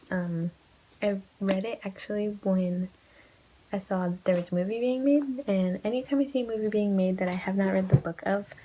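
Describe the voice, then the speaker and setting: Gushing young woman with a soft, husky voice. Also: medium pitch, low-quality recording. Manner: gushing, emotional, swears casually, drops to whispers. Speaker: book vlogger. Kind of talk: casual book review vlog.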